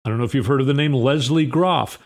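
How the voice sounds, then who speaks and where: A man's voice: mid-range voice, fast talker. A man hosting a casual political commentary, reading news excerpts aloud with conversational asides.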